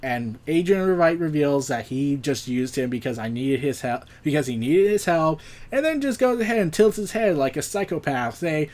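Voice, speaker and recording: A man's voice: fairly high pitch, expressive, normal speed, darkish tone. A man casually recapping a comic book issue, rambling with restarts. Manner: rambling, with restarts and acted quotes.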